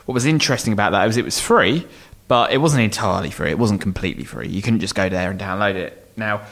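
A man's voice: fairly low pitch, fast talker, vocal fry, fairly bright tone. A man co-hosting a podcast, explaining answers to listener questions in a loose, rambling way with frequent ums and restarts. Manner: rambling, thinks aloud with many ums and restarts. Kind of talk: casual explanatory chat.

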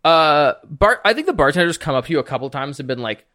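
A man's voice: a little high, big pitch swings, fast, sharp tone. A man running a tabletop role-playing game as game master, casual and teasing, with a lot of fillers.

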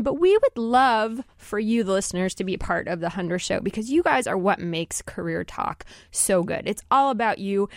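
A woman's voice: a little high, no room sound, clean studio sound. A woman hosting a radio talk show, upbeat and chatty, laughing often. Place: radio studio.

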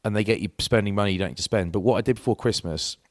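A middle-aged man talks very fast in a fairly low voice, co-hosting a casual podcast and telling anecdotes that wander, break off, and start again. The sound is dry and clean, straight from a studio.

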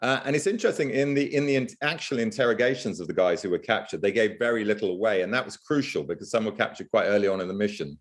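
Guy historian on a podcast, lowish voice, chatty and full of fillers. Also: fast, few pauses. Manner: knowledgeable, fills gaps with uh and you know. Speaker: historian guest. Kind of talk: podcast film discussion.

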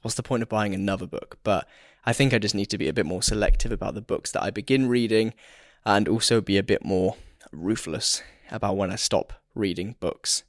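A man hosting a solo podcast, talking in a reflective, candid, rambling way while hoarse and losing his voice. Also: on the low side, normal speed, hardly any pauses, no echo, studio quality. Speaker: podcast host.

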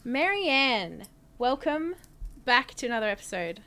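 A woman co-hosts a casual podcast chat, her pitch bouncing all over as she talks. She giggles often and keeps the talk animated. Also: unhurried, a little hiss or hum. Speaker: podcast co-host.

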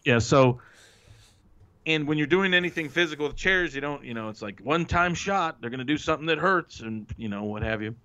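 A man's voice: a little high, lively intonation, fairly quick, sharp tone. A man telling stories as a guest in a casual interview, acting out quotes in a raised voice and swearing freely. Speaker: former wrestling writer, interview guest. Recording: muffled lo-fi audio.

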